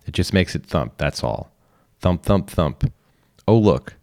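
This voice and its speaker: A man voicing a teasing, affectionate mother on a movie night, with wry asides, in a deep voice a bit raised from his own. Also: expressive, a little slow, gravelly, darkish tone, dry recording, studio quality, heavily acted. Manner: wry, affectionate quoted lines.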